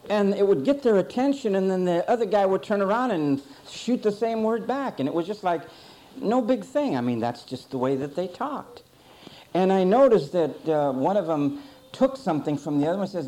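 A man's voice: sits high, moderate pace. A middle-aged man preaching a sermon, defining words and then telling a folksy story from his childhood. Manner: lively, swings between loud and quiet.

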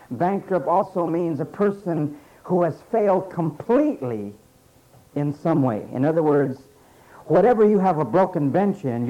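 A man preaching a sermon emphatically, repeating phrases and pausing for effect. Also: sits high, mellow. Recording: dull lo-fi sermon recording.

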